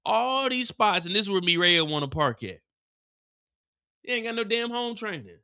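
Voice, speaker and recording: A man hosts a live recap of an episode, telling the story with lots of energy and breaking into voices and sound effects. His voice is high and bright, with wide, lively swings in pitch. The recording sounds dry and close. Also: normal speed, pauses often, smooth, no room sound. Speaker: show recap host. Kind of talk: animated live show recap.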